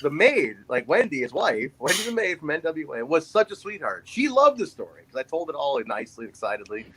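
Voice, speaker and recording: This podcast co-host, a man in his forties, spins a story during a relaxed conversation, doing lively impressions of each person involved. He speaks briskly in a voice on the high side, over slight background noise on a low-quality recording.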